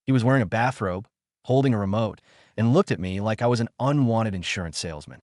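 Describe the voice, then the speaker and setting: A man's voice: fairly low pitch, quick pace, darkish tone, no echo, clean studio sound. A man narrating a scripted first-person story in a bitter, emotional, dramatic way.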